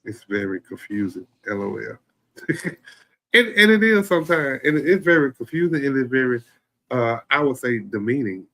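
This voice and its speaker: A man's voice: mid-range voice, very animated, moderate pace, a bit bright. Emphatic male podcast co-host. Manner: emphatic, repeats himself when making a point. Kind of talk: casual relationship chat.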